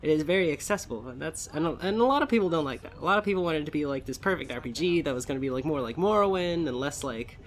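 A man's voice: on the high side, animated, rapid-fire, few pauses, a little hiss or hum. A man in his twenties giving casual, rambling gameplay commentary, swearing and correcting himself often. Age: 20s. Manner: rambling, profane, self-correcting. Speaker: let's play host.

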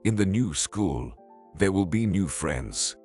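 A man voicing a worried young mother who speaks softly and pleads. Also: low voice, lively intonation, slow pace. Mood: anxious. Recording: faint music behind.

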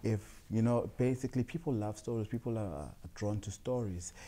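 A young man, a guest telling stories in a relaxed, rambling way with many fillers. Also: on the low side, a little fast. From South Africa. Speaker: guest, jeans designer. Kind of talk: casual storytelling interview.

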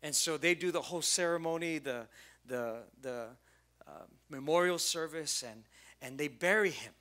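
Bright-voiced pastor preaching with drama. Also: male voice, a little high, moderate pace. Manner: dramatic storytelling, acting out the people in the story; swings from loud emphasis to hushed lines. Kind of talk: sermon.

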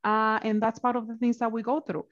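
A woman's voice: on the high side, little pitch movement, a little fast, highs cut off. A woman guest speaker in a motivational panel conversation on a video call, encouraging and often checking in with "right?".

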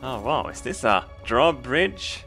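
Slow, bright-voiced crude game commentator. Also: male voice, medium pitch, gravelly, soft background music. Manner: crude, laughing, excitable outbursts. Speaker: gaming commentator.

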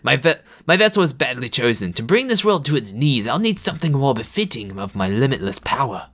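A man's voice: mid-range voice, very animated, fairly quick, fairly bright tone. A man voicing a haughty evil amulet deity. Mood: scheming. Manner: slightly Jamaican-sounding evil voice; pompous, menacing. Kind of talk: reading game dialogue aloud.

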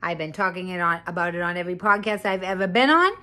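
A woman's voice: fairly low pitch, fast, bright, forceful tone. A woman on a profane, sarcastic rant to camera, indignant and hammering her points home by repeating them. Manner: sarcastic, indignant, swears often; repeats phrases for emphasis.

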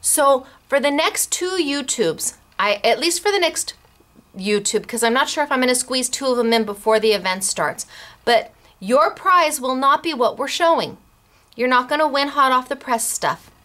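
Bubbly, bright-voiced woman host. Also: sits high, expressive. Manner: bubbly, giggly, spells out names and numbers slowly. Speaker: craft shop show host. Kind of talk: chatty shop announcements to camera. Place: craft store.

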